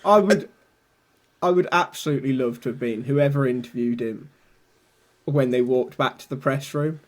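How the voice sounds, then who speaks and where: A man's voice: medium pitch, normal speed. A man hosting a podcast in casual banter, teasing his co-host, laughing often and swearing casually.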